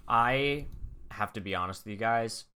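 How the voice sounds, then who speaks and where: A man's voice: lowish voice, moderate pace, bright, forceful tone, smooth. A man co-hosting a podcast, chatting casually with a wry, joking manner. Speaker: podcast co-host. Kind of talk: casual chat.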